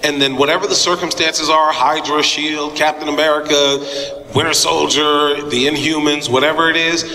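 Middle-aged guy telling a story, chatty and laughing a lot, bright voice, roomy hall sound. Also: on the high side, fairly even intonation, normal speed. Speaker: actor interviewed. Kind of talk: animated anecdote telling. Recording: echoey hall with faint noise.

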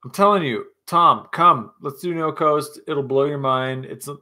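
A man's voice: fairly high pitch, unhurried, bright, forceful tone. A man hosting a casual live chat with viewers, rowdy, joking and profane, a little tipsy. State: tipsy from scotch. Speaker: livestream host.

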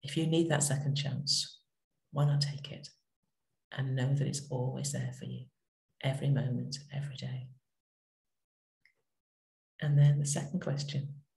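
A middle-aged woman vicar giving a gentle, reflective talk that tells a story, with pauses. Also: extremely low pitch, creaky, reverberant. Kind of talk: short spoken reflection.

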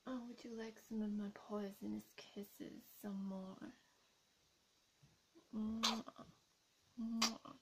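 Against background noise, a woman speaks in a mid-range voice with little pitch movement. She is a YouTube role-play creator whispering the part of a seductive, scheming female plant villain, teasing, flirting, blowing kisses and coaxing in a slow, hypnotic way.

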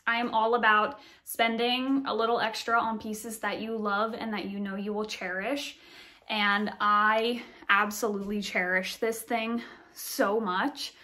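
A woman's voice: medium pitch, little pitch movement, a little slow, sharp tone, reverberant. A woman, gushing in a bubbly, chatty way as she shows her collection in a casual vlog. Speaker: vlogger. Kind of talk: casual show-and-tell vlog.

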